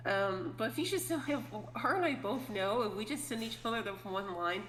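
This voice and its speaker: A woman's voice: medium pitch, animated, fairly quick, few pauses, fairly bright tone. A young adult woman chatting casually on a podcast, laughing often and filling her talk with "like" and "I mean.". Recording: roomy with faint hum.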